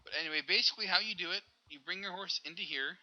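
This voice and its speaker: A man's voice: high-pitched, quick pace, sharp tone, dull audio. A young man casually commenting on his gameplay, rambling and correcting himself as he talks to viewers. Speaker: Minecraft server video host.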